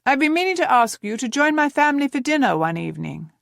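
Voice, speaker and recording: A woman's voice: high-pitched, sing-song, fast talker, gravelly, dry recording, studio quality, voice pushed up, exaggerated voice. A woman narrator voicing a kind, courteous middle-aged male naval captain in an audiobook. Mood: gracious.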